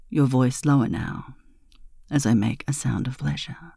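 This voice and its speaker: A woman in a whispered role-play, narrating in a dominant, commanding way with a breathy, half-whispered delivery. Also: a bass voice, unhurried, darkish tone, no room sound, studio quality. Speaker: erotic audio narrator.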